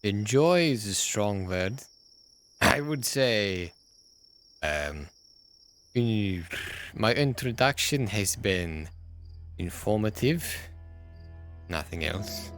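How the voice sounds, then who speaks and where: A man's voice: lowish voice, very animated, very slow, long pauses, fairly bright tone, faint music behind, full character voice. A man voicing a formal, hesitant young German intellectual in his late twenties, with a put-on German accent. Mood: reserved.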